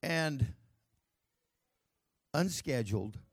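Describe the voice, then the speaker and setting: A man's voice: mid-range voice, expressive, extremely slow. A man pastor giving a sermon, telling a story with emphatic preaching.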